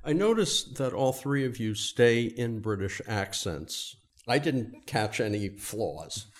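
A man's voice: medium pitch, animated, takes it slowly. A man interviewing stage actors, asking questions in a curious, conversational way.

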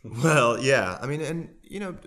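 A man's voice: medium pitch, animated, measured pace, sharp tone. A man, a stage actor, talking in an interview in a rambling, hesitant way with many fillers. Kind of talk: interview conversation.

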